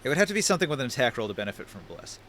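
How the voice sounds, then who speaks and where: A man running a live tabletop game as game master, setting scenes briskly and vividly. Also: medium pitch, very animated, fairly bright tone, slight background noise.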